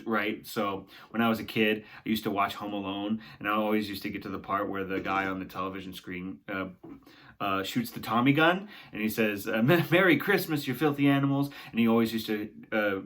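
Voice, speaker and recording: Man leading a singing warm-up. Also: on the low side, steady tone, a little fast. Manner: encouraging, talks along with exercises, often ends with "right?". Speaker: singing teacher. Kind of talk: guided vocal warm-up lesson.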